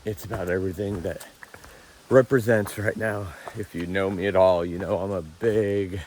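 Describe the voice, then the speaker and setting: A man with a very low voice records himself outdoors on a long hike. He speaks with raw, earnest emotion and is crying through his words. A faint background hiss sits under the recording. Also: fairly even intonation, normal speed, a little mellow. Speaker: thru-hiker vlogger. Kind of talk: casual trail vlog. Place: outdoors on the trail.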